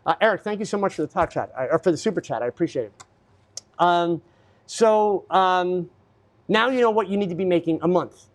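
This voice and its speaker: A man's voice: high-pitched, a little fast. A man hosting a live photography Q&A stream, answering viewer questions in a blunt, lecturing way with plenty of fillers.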